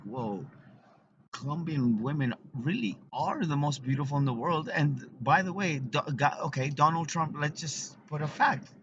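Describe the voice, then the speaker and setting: A man rambles through a casual vlog, swearing freely and restarting his sentences as he goes. The sound is slightly dull and lo-fi, with a faint hiss behind him. He is recorded on a phone outdoors. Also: mid-range voice. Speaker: vlogger. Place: outdoors with his wife and dog.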